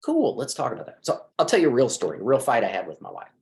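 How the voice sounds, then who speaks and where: Speaking quickly in a mid-range voice, this middle-aged marriage counselor gives advice during a conversational interview. His delivery is lively, and he performs bits of dialogue aloud while he talks.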